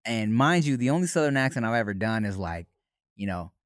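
A man co-hosting a podcast, animated and laughing, telling a story in casual chat full of fillers. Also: mid-range voice, quick pace, no room sound, studio quality. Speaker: podcast co-host, actor.

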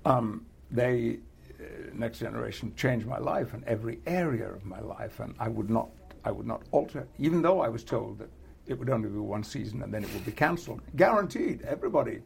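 An older man with a British accent, a guest in a relaxed interview who talks haltingly and chuckles often. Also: mid-range voice, gravelly, a little hiss or hum. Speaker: actor guest. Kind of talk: casual interview chat.

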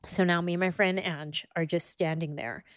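A young adult woman telling stories as a podcast guest, animated and acting out quotes with frequent laughter. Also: fairly low pitch, normal speed, no room sound, clean studio sound. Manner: animated storyteller, acts out quotes, laughs often. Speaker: guest author. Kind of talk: casual storytelling in a podcast interview.

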